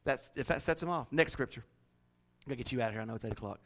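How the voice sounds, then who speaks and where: A middle-aged man preaching a sermon, telling folksy stories in an animated way and laughing often. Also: medium pitch, rapid-fire.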